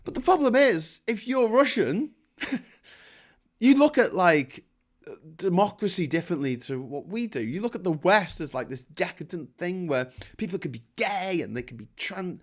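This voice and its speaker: A man with a British accent delivering a sweary, animated political rant as host, laughing between points. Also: sits high, moderate pace. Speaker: podcast host.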